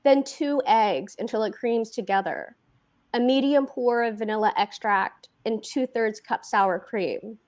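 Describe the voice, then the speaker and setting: Woman author reading slowly. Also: a little high, a little mellow. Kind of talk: reading her fiction aloud at a book event.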